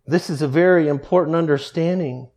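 A male preacher with a notably high voice delivers an earnest sermon. He sinks low and soft to press a point, then stretches quoted prayers out slowly and deliberately.

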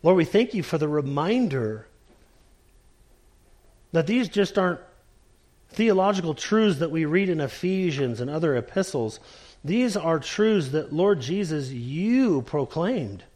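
A male pastor preaching a sermon, emphatic, dropping to quiet low lines for emphasis before a communion prayer.

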